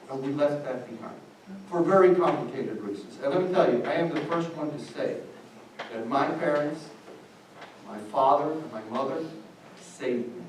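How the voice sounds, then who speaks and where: A man's voice: a little high, normal speed. An older Cuban man speaks to a seminar audience with passion and emphasis, slipping between English and Spanish. He is picked up from a distance in a large hall, so his voice carries a heavy echo. A faint hum of room ambience sits underneath. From Cuba. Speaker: seminar panelist. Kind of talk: impassioned public talk.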